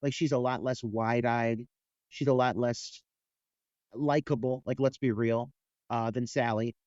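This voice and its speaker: A man's voice: mid-range voice, steady tone, a little slow, a little mellow, no room sound, lo-fi sound. A man co-hosting a horror film podcast, talking casually and hedging with lots of fillers. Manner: hedging, filler-heavy, with mimicked quotes. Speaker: podcast co-host.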